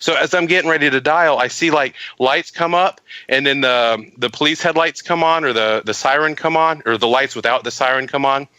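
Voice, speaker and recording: A man's voice: mid-range voice, brisk, few pauses, sharp tone, clean tone, no echo. A man telling a comic, profane story as a podcast guest, acting out the voices of the people in it.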